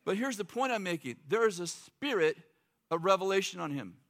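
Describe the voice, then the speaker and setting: A man's voice: sits high, expressive, a little fast, a bit bright. A middle-aged man preaching a sermon in a loose, joking, conversational way, acting out quotes. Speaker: pastor.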